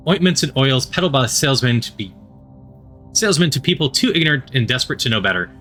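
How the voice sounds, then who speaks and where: Male reader as sour woman doctor, scornful, forceful tone. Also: mid-range voice, very animated, quick pace, soft background music. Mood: disdainful. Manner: clipped and disdainful. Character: bitter, scowling woman scientist-doctor.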